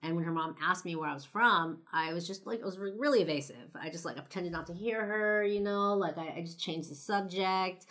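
Talking to camera about something personal, this young LA vlogger keeps it loose and chatty, sprinkling in "like," "you know" and some blunt curse words. Her voice is lowish and a bit bright, and she speaks a little fast with few pauses. She is from Los Angeles, United States.

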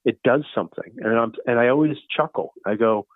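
A man in his fifties, a guest calling in, talking in a loose, rambling and excited way, full of "you know" and "far out". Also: mid-range voice, fairly quick, hardly any pauses, dry recording. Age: 50s. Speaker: guest, founder of a fun-based religion. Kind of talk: casual phone interview. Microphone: phone. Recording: tinny phone line.

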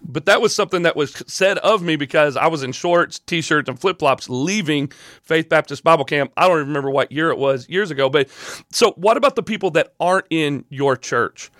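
A man's voice: fairly high pitch, brisk, fairly bright tone, no room sound, studio quality. A middle-aged man hosting, telling a long story and pressing his guest with questions. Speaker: host. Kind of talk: confrontational interview.

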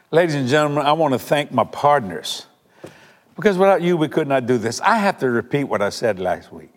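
Over music in a large hall, an older man preaches and prays on a televised sermon, his medium-pitched voice swinging widely and moving a little fast. He repeats lines for effect, fervently emphatic, moving between loud declarations and soft, earnest asides.

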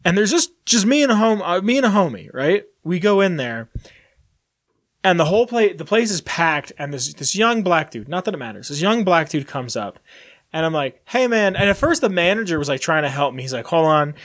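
A man's voice: high-pitched, big pitch swings, brisk, fairly bright tone, no room sound. Rambling male podcast host, dry sound. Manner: rambling storyteller, swears casually. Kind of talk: casual chat.

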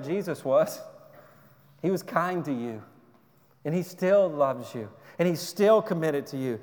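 A man preaching a sermon as a pastor, earnest, repeating words and dropping to a soft low voice for emphasis. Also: long reverb tail.

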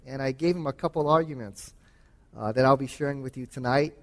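A man's voice: mid-range voice, fairly quick, in a large hall. A man who teaches and hosts radio, giving a Bible talk in a conversational way that is peppered with okay and uh. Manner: conversational, often says okay and uh.

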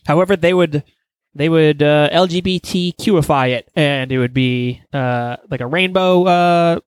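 A man's voice: on the high side, unhurried, smooth, dry recording. A man co-hosting a podcast, talking bluntly and casually with some swearing. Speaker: podcast co-host. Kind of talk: casual chat.

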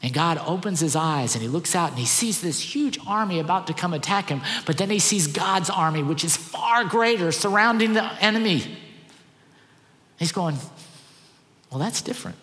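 A man's voice: sits high, moderate pace, a bit bright, in a large hall. A man preaching a sermon as pastor, earnest and emphatic, repeating key phrases.

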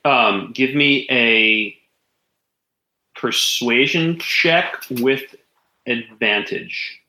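A man running a tabletop game as game master, narrating in a relaxed, hesitant way with frequent pauses. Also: mid-range voice, echoey room, slight background noise, low-quality recording.

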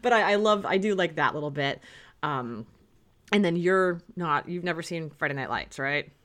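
Low-pitched female podcast host, casual and rambling, quick to laugh. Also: expressive, fairly bright tone. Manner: chatty, laughs often, lots of fillers. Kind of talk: casual chat.

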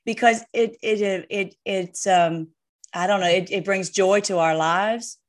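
A woman's voice: mid-range voice, fairly even intonation, unhurried. A woman in casual conversation about faith, talking with many fillers and restarts as she gathers her thoughts.

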